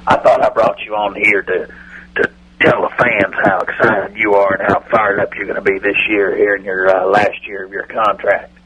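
A man's voice: fairly low pitch, level tone, normal speed, pushed and bright, slightly rough, rough recording. A man voicing a pompous, folksy older football team owner who talks in a hesitant, self-important way full of filler sounds. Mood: exasperated. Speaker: impression on a radio comedy bit.

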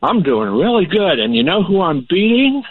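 A man's voice: high voice, very animated, moderate pace, husky, full character voice. A man putting on a mock-accent caller on the phone. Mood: boastful. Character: man faking a foreign athlete's accent. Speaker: prank caller. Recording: phone line.

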